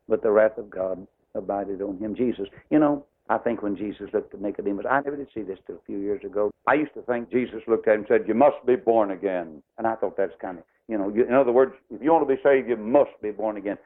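A man's voice: mid-range voice, gravelly. A man preaching a revival sermon in a folksy, emphatic way. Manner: folksy, emphatic, acts out voices in his stories. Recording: tinny phone-like old recording.

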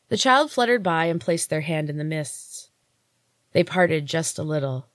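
A woman author narrating her own fantasy story in a steady, measured reading. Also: low voice, no echo, studio quality. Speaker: podcast host and author reading her fiction. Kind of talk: audiobook narration.

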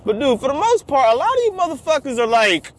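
A young man telling a story in a casual, profane, animated rant, repeating himself a lot. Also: very high voice, fast, slight background noise.

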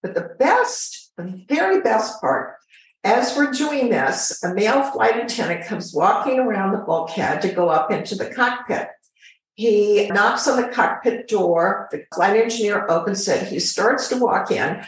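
A woman's voice: mid-range voice, far from the mic. Chatty older woman in an echoey room. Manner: chatty, animated storyteller. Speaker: guest, former flight attendant. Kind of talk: storytelling in an interview.

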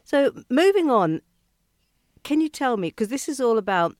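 A podcast host interviewing a guest, speaking in a halting way with repeated words and many fillers. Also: medium pitch, big pitch swings, no echo, studio quality. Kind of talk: interview questions and chat.

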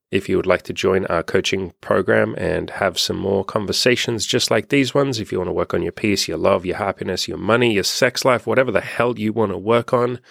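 A young man with a low, gravelly voice talks in a casual, candid monologue as a life coach, swearing freely. The sound is close and dry, with no room around it. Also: dry recording. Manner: candid, frank and profane.

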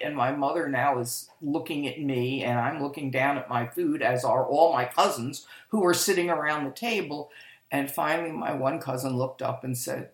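Recorded at home in an echoey space, an older woman speaks at normal speed in a rumbling low voice. On a podcast, she recounts her life story candidly, rambling and frequently correcting herself.

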